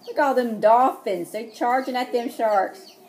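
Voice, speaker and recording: A woman's voice: on the high side, measured pace, a little mellow, a little hiss or hum. A woman preschool teacher, reading a picture book aloud and asking the children questions.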